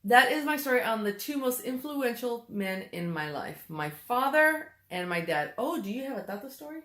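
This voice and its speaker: A woman's voice: fairly high pitch, big pitch swings, normal speed, a bit bright. A middle-aged mother chatting casually and telling family stories, laughing easily as she talks. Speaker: vlogger, mother. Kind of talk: casual chat. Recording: echoey room.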